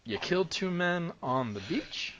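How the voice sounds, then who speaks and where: A man's voice: fairly high pitch, big pitch swings, a little slow, fairly bright tone, muffled recording, voice pushed up. A man voicing a weary middle-aged male constable with a drawling, fatherly manner. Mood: wary.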